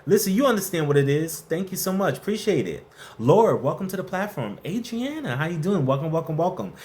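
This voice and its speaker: Lively, playful man hosting a livestream. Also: a little high, a little fast. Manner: lively, playful and slangy, greets chat viewers by name. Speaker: host of a workplace advice livestream. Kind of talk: casual live-stream chat answering viewer questions.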